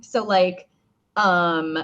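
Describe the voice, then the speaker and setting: A woman voice actor talking casually in an interview, chatty with many fillers and restarts, with a slightly rough morning voice. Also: on the low side, fairly even intonation, very slow, fairly bright tone, lo-fi sound, slight background noise. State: morning voice, clearing throat. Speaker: voice actor guest.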